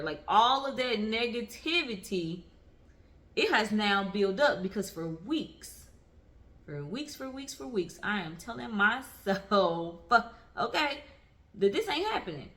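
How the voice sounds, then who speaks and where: A woman in her thirties shares her own experience in a candid vlog. Her voice is bright and ringing, and she speaks earnestly. She leans on repetition to make each point land. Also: mid-range voice, expressive, a little slow. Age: 30s. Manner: earnest and emphatic, repeats phrases for weight. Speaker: vlogger. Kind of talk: candid personal talk to camera.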